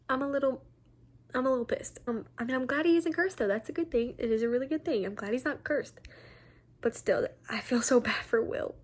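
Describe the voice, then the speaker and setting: A young woman of nineteen talks through her reading in a relaxed vlog, gushing and filling pauses with ums and likes. Her voice sits fairly high for a woman. A faint hum of background noise runs under her speech. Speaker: book vlogger. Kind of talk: casual reading vlog chat.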